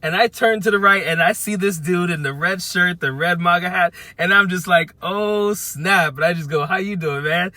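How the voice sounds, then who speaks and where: A man of fifty telling a casual story to camera from his parked car, animated, acting out what people said, with frequent restarts. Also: high-pitched, brisk, hardly any pauses, no echo. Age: 50s. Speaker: vlogger. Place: parked at a car charging spot by a busy street.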